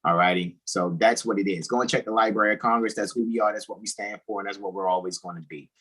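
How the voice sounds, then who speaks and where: A man's voice: lowish voice, steady tone, fast, fairly bright tone, poor audio. A man hosting a casual podcast, talking in an emphatic, preachy way and often repeating "all righty". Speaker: host.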